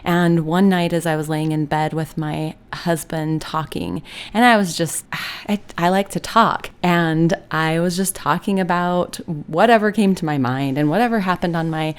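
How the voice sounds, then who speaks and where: A woman's voice: lowish voice, normal speed, clear, resonant tone. A middle-aged woman, a hypnotherapist, telling a personal story in an earnest, heartfelt, reflective way.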